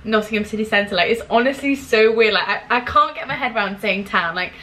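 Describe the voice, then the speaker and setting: Young woman, casual vlog chat, fairly high voice, lots of fillers. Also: brisk, poor audio. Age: young adult. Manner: chatty, full of "like" fillers, warm and effusive toward viewers. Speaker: vlogger.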